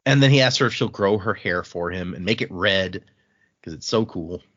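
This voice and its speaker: A man's voice: low-pitched, moderate pace, a bit bright, muffled recording. A man hosting a book podcast, retelling scenes in casual chat and acting out the dialogue in shifting voices. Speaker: podcast host recapping a book.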